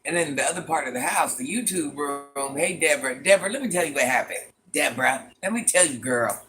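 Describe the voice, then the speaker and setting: A man with an expressive voice on the high side and a sharp tone talks fairly quickly, with faint music behind him, as he hosts a casual livestream playing a granny. He's chatty and dramatic, greeting viewers by name, repeating lines for effect, and calling them "child" and "honey bun."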